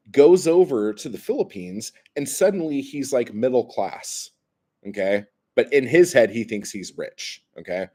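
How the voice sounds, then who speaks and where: A man's voice: mid-range voice, warm tone, breathy edge. A man hosting a livestream, ranting in a profane, exasperated way and reacting to chat comments. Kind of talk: heated livestream rant.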